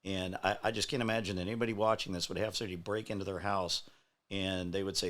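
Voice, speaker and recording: A man on a casual talk show, speaking in a measured, reflective way with many fillers. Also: deep voice, fairly even intonation, a bit bright.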